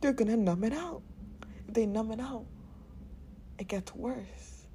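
A woman hosting a podcast, talking unscripted, candid and profane, often laughing and sometimes dropping into a soft half-whisper. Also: a little high, a little slow, slight background noise. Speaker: podcast host.

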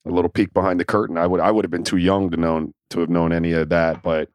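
A laid-back man in his forties with a lowish voice, chatting on a podcast and spinning loose stories with plenty of swearing. He shrugs things off in an easy, relaxed manner. The recording is close and dry. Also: fast talker, dry recording. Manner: laid-back, profane storyteller. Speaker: podcast co-host. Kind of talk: casual chat.

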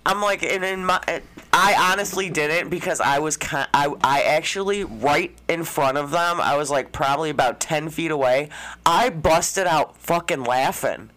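A woman co-hosting a podcast in casual chat, telling stories in an animated, profane way with frequent laughter. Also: low voice, moderate pace. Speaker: podcast co-host.

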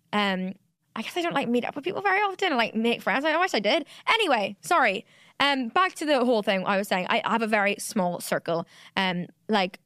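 A woman's voice: fairly high pitch, fairly bright tone, no room sound, studio quality. Rambling, candid woman podcaster. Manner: rambling, candid, full of fillers and restarts. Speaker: podcast host. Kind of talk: solo confessional podcast monologue.

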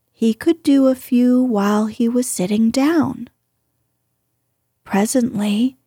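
A woman reads a storybook aloud in a soft, gentle way, often drifting toward breathiness. Her voice is husky and mellow. She reads slowly, and the sound is dry and close. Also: fairly high pitch, no room sound. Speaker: narrator. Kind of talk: storybook narration.

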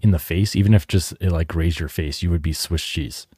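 A man's voice: low-pitched, brisk, warm tone, slightly rough, no echo, studio quality. A man co-hosting a podcast who chats casually about an episode, hedging his points and joking with a bit of swearing. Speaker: podcast co-host.

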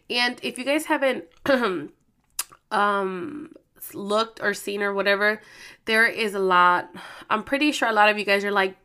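A young adult woman telling a story in a casual vlog, animated and slangy, swearing freely as she talks to her viewers. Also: mid-range voice, normal speed. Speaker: vlogger.

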